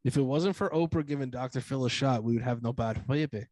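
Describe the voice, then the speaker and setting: A man's voice: medium pitch, quick pace, darkish tone, dry recording. Brief: male co-host, mid-range voice, loose slangy storytelling, dry close mic. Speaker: podcast co-host. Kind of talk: casual chat.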